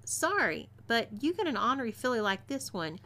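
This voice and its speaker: A woman's voice: fairly high pitch, very animated, normal speed, pushed and bright, pitched above the performer's own voice, heavily acted. Texan woman playing Zelia, a fiery female outlaw. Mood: bossy. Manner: bossy, threatening drawl.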